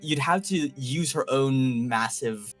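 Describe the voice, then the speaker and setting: A man's voice: medium pitch, slow, fairly bright tone, faint music behind. A man running a tabletop game as game master, rambling and thinking aloud with many fillers. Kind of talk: improvised tabletop narration and rulings.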